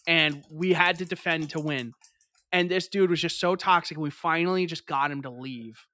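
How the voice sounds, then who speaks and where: An excitable man co-hosting a podcast, telling stories with lots of swearing and laughter. His voice is high and bright. The recording is dry and close. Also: moderate pace, no echo. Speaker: podcast co-host. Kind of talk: casual chat, animated storytelling.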